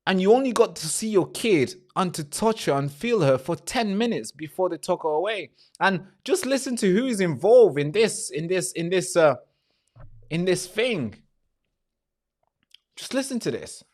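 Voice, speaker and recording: A man's voice: sits high, animated, moderate pace, a little mellow. A man hosting a live stream with commentary, talking straight to his viewers, swearing freely and often repeating himself or restarting phrases.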